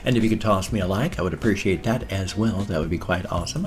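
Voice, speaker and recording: A man in his fifties with an American accent, chatting casually in a vlog, playful with deadpan jokes. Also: lowish voice, fairly quick, slight background noise. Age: 50s. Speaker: vlogger. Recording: faint music behind.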